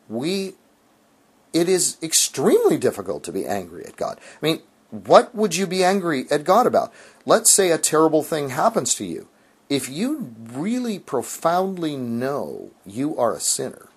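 A man's voice: medium pitch, breathy edge. A man, a Christian author, explaining theology in an earnest, emphatic conversational way, with frequent restarts.

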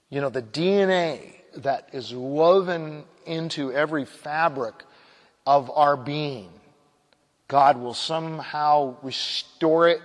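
Guy preaching a sermon, slightly high voice, slows way down to hammer points, echoey hall. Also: a bit bright. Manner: emphatic, slows down on key phrases, quoting scripture. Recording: long hall reverb.

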